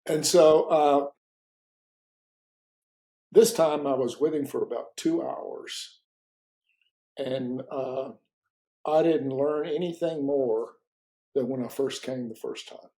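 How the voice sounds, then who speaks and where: A man telling a story in an interview, in a halting way with many repeats and fillers, and lively when he retells conversations. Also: mid-range voice, rough recording. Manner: animated when retelling dialogue. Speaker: interview guest.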